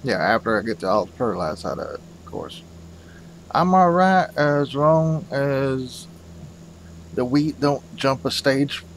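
A man's voice: medium pitch, animated, unhurried, slight background noise, low-quality recording. A man hosting a farming game video, rambling casually and calling his viewers "folks". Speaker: gaming channel host.

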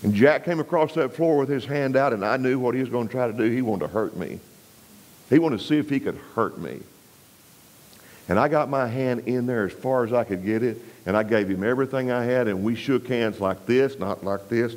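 Folksy preacher telling a story. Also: male voice, low-quality recording. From West Texas. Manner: folksy, drops low and quiet for emphasis; rises and presses when preaching scripture. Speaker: revival preacher. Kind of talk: storytelling sermon.

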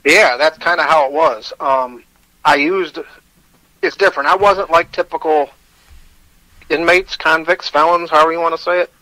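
A man's voice: fairly high pitch, steady tone, normal speed, bright, forceful tone, no room sound, rough recording. Candid, self-deprecating Michigan man. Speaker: guest. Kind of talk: personal storytelling in a radio interview.

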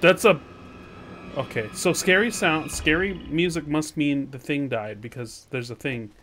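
A man hosting a let's play gaming video, casually chatting and scolding the game out loud, swinging between shouts and mutters. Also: a little high, measured pace. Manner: animated, yelling at the game, then muttering. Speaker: gaming channel host.

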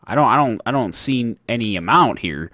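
Animated man chatting through a horror game. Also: medium pitch, moderate pace, no echo. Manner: chatty, talks to the game characters. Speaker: gaming channel host. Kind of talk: let's play commentary.

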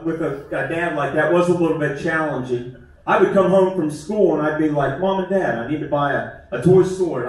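A man, doing a folksy, self-deprecating stand-up comedy set on a small theater stage. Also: a little high. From West Virginia. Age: 50s. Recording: echoey theater, mic far off. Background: audience laughter.

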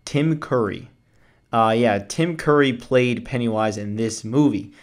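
Guy doing a loose, chatty video review; mid-pitched, trips over his words and laughs along. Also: unhurried. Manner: rambling, self-correcting, chuckles often. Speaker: movie reviewer.

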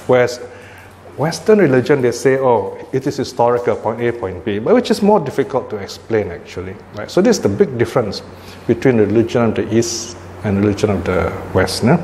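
A man's voice: mid-range voice, expressive, fairly quick, a little mellow. A man giving a dharma talk as a Buddhist teacher, explaining patiently and often checking with his listeners. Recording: long hall reverb, faint background noise.

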